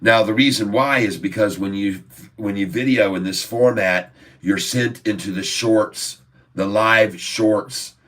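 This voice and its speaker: A man's voice: lowish voice, unhurried, fairly bright tone, recorded from a distance. A man hosting a casual livestream from his phone, jokey and rambling, laughing often. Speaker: livestream host.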